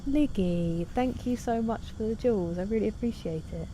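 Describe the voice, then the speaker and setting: Mellow-voiced woman streaming. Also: mid-range voice, moderate pace, a little hiss or hum. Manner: chatty, self-deprecating, reads out chat messages. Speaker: game streamer. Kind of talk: casual gaming stream chat.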